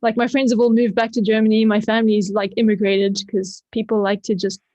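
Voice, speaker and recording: A woman's voice: mid-range voice, flat delivery, a little fast, a little mellow, dry recording, dull audio. A South African woman guesting on a podcast, chatting in a rambling way with lots of fillers. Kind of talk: casual chat.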